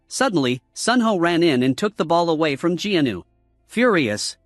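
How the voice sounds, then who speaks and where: Lively male story narrator. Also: a little high, normal speed, no room sound, clean studio sound. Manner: reads every character in one voice. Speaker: recap narrator. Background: faint background music.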